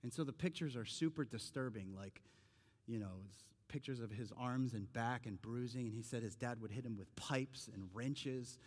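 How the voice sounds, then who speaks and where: A middle-aged male pastor preaches with a conversational, earnest delivery, climbing to emphatic peaks on key phrases. His voice sits at an ordinary middle pitch. The sound carries the long reverb of a large church hall. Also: moderate pace. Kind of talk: sermon.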